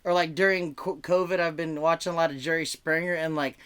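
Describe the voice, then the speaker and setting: A man's voice: a little high, fairly even intonation, brisk, a bit bright, clear, resonant tone. A man doing a rambling, casual stand-up comedy set over a video call, full of "like" fillers and restarts. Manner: rambling, conversational, heavy on fillers like "like". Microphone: video call mic.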